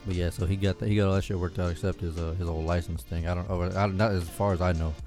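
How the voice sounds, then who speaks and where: A man in casual chat, telling a funny story, often laughing and getting loud when he quotes people. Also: low voice, fast talker, soft background music. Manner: laughs while telling stories, animated when quoting others.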